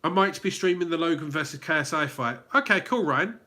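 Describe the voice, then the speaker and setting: This English man, speaking with a southern accent, hosts a relaxed live Q&A where he reads out the chat, fills his speech with fillers and keeps restarting sentences. His slightly high voice is bright and forceful, with lively intonation and a fairly quick delivery. He's a chatty livestream host.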